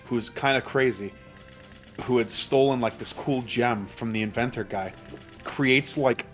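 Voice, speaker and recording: A man's voice: mid-range voice, unhurried, faint music behind. A man hosting a let's play commentary, recapping a plot in a rambling, profane way with his friends. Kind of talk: casual game commentary with friends.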